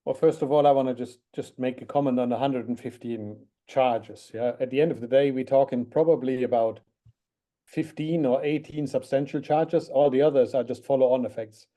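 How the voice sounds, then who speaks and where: Blunt man with a very mellow voice. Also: medium pitch, fairly even intonation, normal speed. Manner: blunt, dismissive. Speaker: guest pundit. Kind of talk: football commentary.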